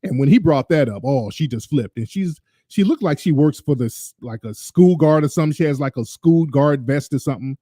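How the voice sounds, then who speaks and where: A man's voice: on the high side, animated, fairly quick, few pauses, warm tone, no echo, clean studio sound. A male show host ranting over a video clip, sarcastic and mocking. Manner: ranting, sarcastic, mimics voices. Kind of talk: commentary over a played clip.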